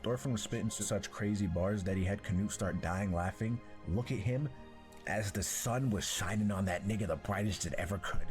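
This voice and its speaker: A man hosting an anime reaction, casual slangy commentary that is animated and profane and full of laughs. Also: fairly low pitch, normal speed, soft background music.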